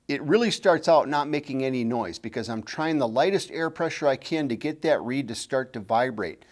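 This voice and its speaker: A middle-aged game call instructor, his medium-pitched voice a little mellow, gives an instructional demonstration of calling technique, patiently going over the important points more than once.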